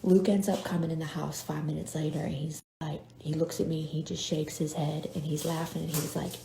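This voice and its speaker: A woman's voice: low-pitched, flat delivery, fairly quick, gravelly, dark tone, slight background noise. A woman telling a self-deprecating story to camera as a lifestyle vlogger. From North Carolina, US. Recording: echoey room.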